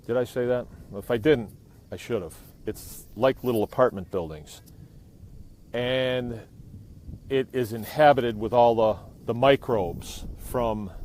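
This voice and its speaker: A man's voice: medium pitch, a little mellow, slight background noise. Middle aged new guy rambling on his phone outside, easygoing and jokey, faint fire roar behind. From New England. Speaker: biochar maker streaming live. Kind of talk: casual live-stream demonstration. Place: outdoors beside a burning kiln. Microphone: phone held by the speaker.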